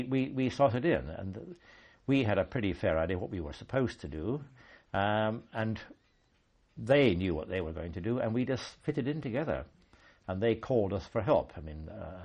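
Husky older army veteran. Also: male voice, on the low side, a little mellow, lo-fi sound. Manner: measured, halting, with frequent ums and restarts. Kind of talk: oral history recollection.

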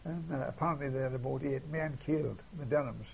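A man's voice: medium pitch, fast, creaky, darkish tone, a little hiss or hum. An older man recalling wartime events in an oral history interview, rambling and retelling old dialogue, often tagging "see?". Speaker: war veteran interviewee. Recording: dull lo-fi archive tape.

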